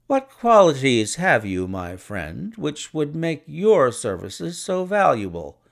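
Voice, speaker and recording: A man voicing a shrewd male detective who speaks in a deliberate, dry way. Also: fairly high pitch, wildly swooping pitch, vocal fry, heavily acted. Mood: musing.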